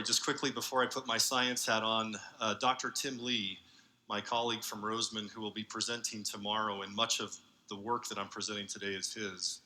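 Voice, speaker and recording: A man giving an earnest conference talk as a university researcher, speaking haltingly with many fillers. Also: lowish voice, bright, forceful tone, rough recording. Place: large convention hall.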